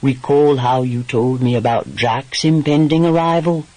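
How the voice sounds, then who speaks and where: A man voicing a gruff, exasperated English lord and former pirate, with a dry and teasing English manner in an audiobook. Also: medium pitch, steady tone, a little slow, a little mellow, no echo, natural voice, poor audio. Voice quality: dry, exasperated, swears mildly.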